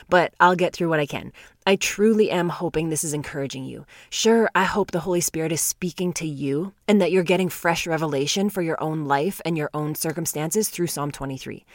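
Earnest woman doing a devotional bible talk, kinda low voice, dead dry recording, leans hard on words. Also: dry recording. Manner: earnest, emphatic, drawing out key words with laughter. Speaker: Bible teacher. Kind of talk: devotional teaching to viewers.

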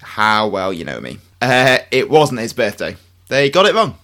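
A man co-hosting a book podcast, with a bright, forceful voice. He reads his lines with nervous little laughs and playful asides. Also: medium pitch, big pitch swings, normal speed. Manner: nervous laughs, mock Scottish attempts. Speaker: podcast co-host. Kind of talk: scripted podcast banter.

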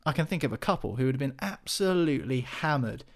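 A man's voice: mid-range voice, lively intonation, fast. A man talking football as a podcast pundit, chatty, with many restarts and fillers. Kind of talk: casual football chat.

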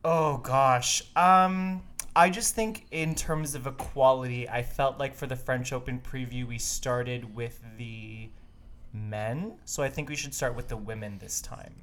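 A man's voice: medium pitch, unhurried, fairly bright tone. Sassy playful podcast co-host man. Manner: playful and sassy, laughs a lot. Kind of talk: casual chat.

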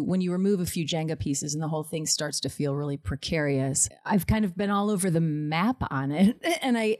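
Woman, low-pitched voice, dry close sound, casual reflective talk, laughs at herself. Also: a little mellow, no echo. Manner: reflective, self-mocking, laughs often. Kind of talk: casual conversation. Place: Los Angeles area.

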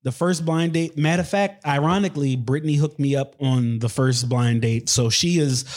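A man's voice: fairly high pitch, normal speed, darkish tone. A man who is a guest on a podcast, telling a dating story casually in a loose, slangy way with many restarts.

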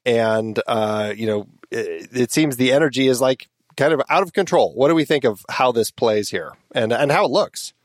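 A man's voice: medium pitch, normal speed, few pauses, no echo, clean studio sound. A man hosting a casual film discussion podcast, thinking aloud with frequent restarts. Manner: thoughtful, rambling with restarts. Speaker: podcast host.

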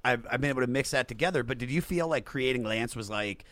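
A man's voice: mid-range voice, fast talker, a bit bright, no echo. A man hosting a podcast, talking in an enthusiastic, rambling way. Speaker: podcast host. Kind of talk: casual podcast conversation.

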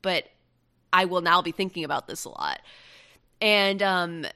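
A young woman hosting a casual pop-culture chat, gushing and chatty with quick asides. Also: fairly low pitch, lively intonation, pushed and bright, smooth. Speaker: podcast host.

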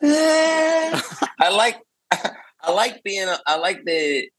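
A man's voice: sits high, slow, bright, forceful tone, slightly rough, no room sound, poor audio. A middle-aged man with a Northern Irish accent, a singer-songwriter guest talking in a rambling, self-interrupting way and laughing easily, over a video call. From Northern Ireland. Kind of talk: casual interview chat.

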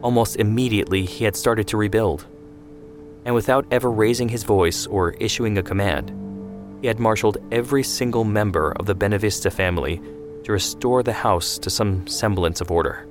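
Measured male storyteller, lower register, soft music underneath. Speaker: narrator. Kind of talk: scripted narration.

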